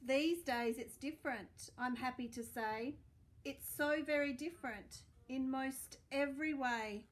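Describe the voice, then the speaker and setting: A woman librarian reading a picture book aloud to children, expressive and asking questions as she goes. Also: high voice, unhurried. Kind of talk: storytime read-aloud for children.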